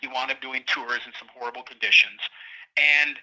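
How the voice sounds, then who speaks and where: A middle-aged man calling in as a guest, telling a long story in a rambling, animated way and acting out what others said. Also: mid-range voice, normal speed. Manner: rambling, animated retelling with quoted voices. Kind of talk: casual storytelling interview. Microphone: phone line. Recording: tinny prison phone line.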